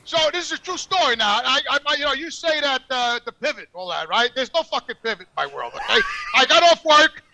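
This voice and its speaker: A man telling profane stories on a podcast, loud and animated, swearing constantly. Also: very high voice, a little fast, creaky, hardly any pauses, heavy background noise. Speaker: podcast regular. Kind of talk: profane storytelling.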